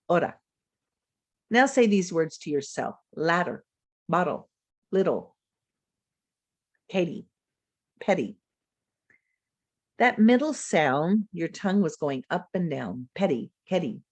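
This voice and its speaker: A woman literacy educator presenting a webinar lecture over a video call, modelling speech sounds aloud slowly and deliberately. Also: sits low, no room sound.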